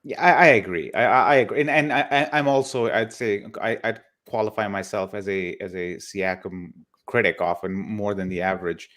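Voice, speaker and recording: A man hosting a live basketball show, giving casual analysis in a halting way, often repeating words as he thinks. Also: lowish voice, a bit bright. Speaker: basketball podcast host.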